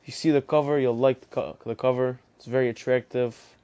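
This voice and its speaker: A young man hosts a casual book review podcast in a chatty, plainspoken way that circles back on itself. His voice is smooth and clear at an average pitch, and he keeps a flat, even delivery. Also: brisk.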